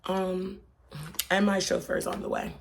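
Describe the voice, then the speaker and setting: Young woman just chatting to her followers, kinda gravelly, slangy n rambly, a bit of hiss behind. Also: mid-range voice, completely flat delivery, unhurried. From Pennsylvania. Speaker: vlogger. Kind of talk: casual chat. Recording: faint background noise.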